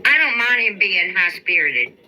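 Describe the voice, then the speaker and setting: Bright-voiced woman venting on a livestream. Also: medium pitch, very animated, moderate pace, soft background music, low-quality recording. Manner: exasperated venting, profane, drawling. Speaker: YouTube live streamer. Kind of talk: casual live-stream chat reading viewer comments.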